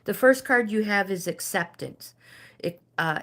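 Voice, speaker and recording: An older woman hosting a casual live stream, reading oracle cards to viewers and often pausing to search for words. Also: medium pitch, animated, fairly bright tone. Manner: hesitant, searching for words, many fillers.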